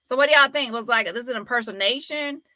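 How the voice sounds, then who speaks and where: A woman's voice: on the high side, fast talker, bright, forceful tone, no echo. A woman hosting a casual live-stream commentary, chatty and often exclaiming as she talks. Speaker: commentary host.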